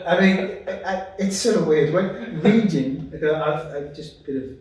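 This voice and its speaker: A man's voice: a little high, normal speed, a little mellow. A man chatting casually as a podcast co-host, telling rambling, self-deprecating stories about performing. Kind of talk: casual chat. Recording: roomy, distant mic.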